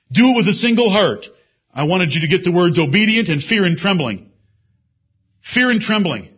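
A man preaching a sermon with emphasis. He repeats key phrases and drops into low asides. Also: slightly rough. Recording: dull lo-fi sermon recording.

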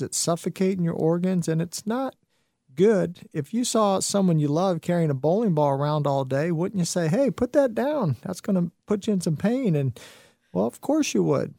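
A man's voice: fairly high pitch, vocal fry, warm tone, no room sound, studio quality. A man hosting a radio talk show, telling stories and urging listeners on in an earnest, motivational way with many fillers.

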